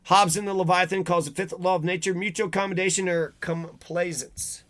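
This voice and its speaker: Man, high voice, bright tone, profane heated rant, reads quotes then rants. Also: level tone, fairly quick. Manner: profane, heated, swings between reading and ranting. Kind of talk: angry ranting monologue.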